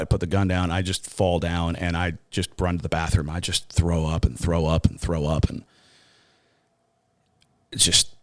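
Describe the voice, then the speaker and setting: Lowish-voiced man telling a raw testimony. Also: no room sound. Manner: halting and raw, with many restarts and "uh"s; voice jumps much higher when quoting others. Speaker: podcast guest, sports talk show host. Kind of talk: emotional personal testimony in an interview.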